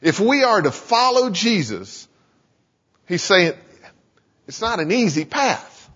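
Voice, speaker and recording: A man preaching a sermon in a conversational, animated way, in a church sanctuary. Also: high-pitched, slow. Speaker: pastor. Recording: dull lo-fi sound in a reverberant hall.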